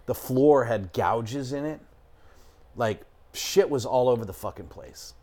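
The voice is a man's, mid-range and mellow, unhurried but with lively intonation. Middle-aged and chatting casually, he rambles through a story, swearing and filling gaps with lots of "like" and "I'm talking."

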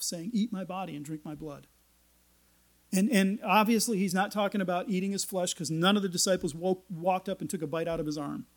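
A pastor preaches a sermon, reading scripture aloud and unpacking it conversationally with folksy, joking asides. His voice sits high.

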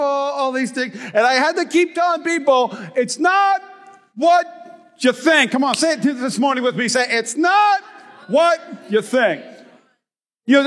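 Pastor guy preaching in a church hall, high voice, joking around then shouting stuff, lots of reverb. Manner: animated, joking, rises to shouts. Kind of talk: sermon.

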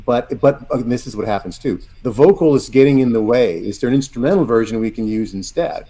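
A male guest songwriter explaining things in conversation, deliberate with a few stammers. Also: mid-range voice, mellow.

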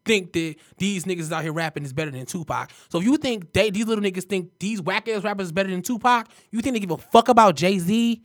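A co-host, arguing in fast, slangy casual chat. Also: mid-range voice. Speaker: podcast co-host.

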